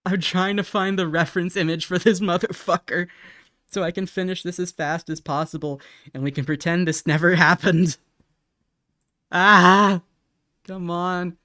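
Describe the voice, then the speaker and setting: A man's voice: high-pitched, steady tone, moderate pace, fairly bright tone, dry recording, studio quality. A young man chatting casually on a live stream while he draws, laughing often and apologizing in a self-mocking way.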